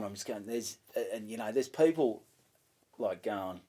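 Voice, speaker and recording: A man's voice: fairly low pitch, lively intonation, moderate pace, dark tone, husky. A man with an Australian accent, a stand-up comedian, telling a story in casual chat, swearing freely and acting out both sides of each exchange.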